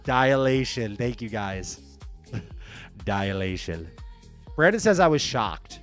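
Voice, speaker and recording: Excitable, animated male live streamer. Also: medium pitch, slow, soft background music. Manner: excitable, stammering restarts. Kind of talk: casual live stream chat.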